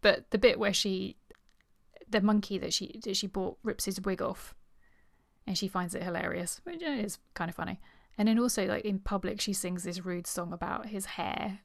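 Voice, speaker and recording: A woman's voice: mid-range voice, steady tone, moderate pace, gravelly, dry recording, studio quality. A woman co-hosting a podcast, talking in a chatty way about a novel and often repeating words as she starts. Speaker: podcast co-host. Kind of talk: casual book discussion and reading aloud.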